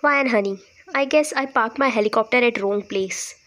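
A woman's voice: fairly high pitch, moderate pace, a bit bright, lightly acted. A woman doing an overacting fake rich boyfriend. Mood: showy. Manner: exaggerated, showy.

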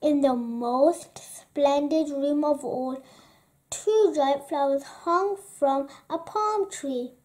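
A woman reading a children's book aloud with slow, expressive narration. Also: sits high. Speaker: storyteller.

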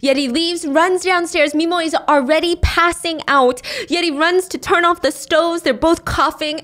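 High-voiced woman recapping a story. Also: moderate pace. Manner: animated retelling with voiced quotes. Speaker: podcast host.

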